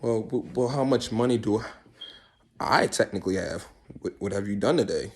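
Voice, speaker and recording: A man rambling in a casual comic monologue, swearing and arguing with himself in quick back-and-forth. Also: fairly low pitch, a little mellow. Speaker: vlogger.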